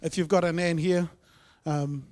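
A man sharing his personal testimony in church, telling his story earnestly, with swings between loud and soft. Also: a little high, steady tone, a little slow. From New Zealand. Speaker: guest speaker sharing testimony.

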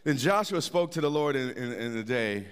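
A man's voice: medium pitch, expressive, normal speed, clean tone. A middle-aged man preaching a sermon in a church, conversational, with repeated words and restarts. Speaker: pastor. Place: church sanctuary. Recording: long hall reverb.

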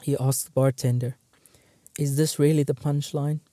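A man's voice: on the high side, flat delivery, normal speed, warm tone, no echo, clean studio sound. A man hosting his own show, reading out jokes one by one and trying hard not to laugh, muttering and stifling giggles between them. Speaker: host.

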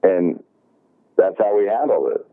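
A man's voice: low-pitched, a little slow, no room sound. A man casually telling a work story, acting out the dialogue and swearing freely. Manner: animated retelling, acts out dialogue, swears. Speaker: golf shop worker. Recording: dry, tinny phone-like sound.

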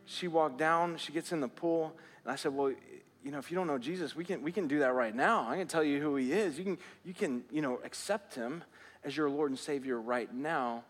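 A man's voice: a little high, brisk. A man preaching a sermon as pastor, telling a story and repeating phrases as he urges his listeners on. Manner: storytelling, repeats phrases, rises to earnest urging. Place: church sanctuary.

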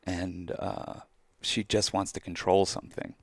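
Deep, gravelly-voiced man chatting candidly. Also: level tone, unhurried, no room sound. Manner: reflective, candid, swears casually. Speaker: podcast co-host. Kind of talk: casual chat.

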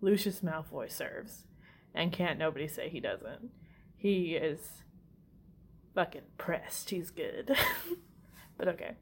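Woman, unhurried delivery, casual chat, swears a lot, giggly asides. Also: low voice, a little hiss or hum. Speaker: movie recap host. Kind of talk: casual movie recap chat.

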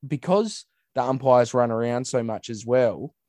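Casting note: Australian bloke, blunt sweary ranter, dry close-mic sound. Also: male voice, medium pitch, animated, measured pace, a little mellow, no room sound. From Western Australia. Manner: ranting, blunt and sweary, mimics people in raised voices. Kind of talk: casual chat.

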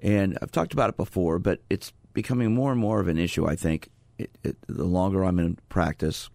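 A male sports psychologist hosts a call-in radio show from the studio, his voice very low and gravelly. He talks in a steady, conversational way, and the sound is close and dry with no room around it. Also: a little fast, dry recording.

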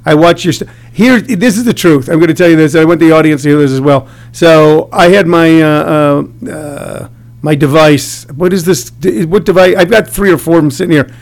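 High-voiced rambling talk-show host. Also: male voice, normal speed, vocal fry. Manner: rambling, jokey, many restarts. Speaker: radio host interviewing comedians. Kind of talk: casual interview chat.

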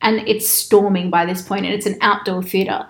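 A woman telling a long anecdote in casual chat, animated and quoting people in raised voices. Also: mid-range voice, moderate pace. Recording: echoey room.

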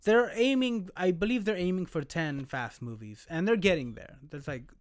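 A young man co-hosting a relaxed podcast conversation, cracking jokes and tossing in quick asides. His voice sits a little higher and comes through smooth and clean. The sound is dry, with no room around it. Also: no room sound. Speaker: podcast co-host. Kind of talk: casual chat.

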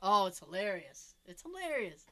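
A woman's voice: medium pitch, big pitch swings, normal speed, crowd noise. A woman chatting casually, telling funny family stories with lots of swearing and laughter. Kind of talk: casual chat.

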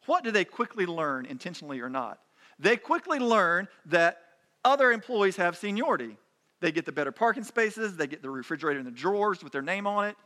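Guy preaching, kinda high pitched, talks casual and emphatic, stumbles and restarts a lot. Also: very animated, fairly quick, bright, forceful tone. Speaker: pastor. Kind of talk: sermon.

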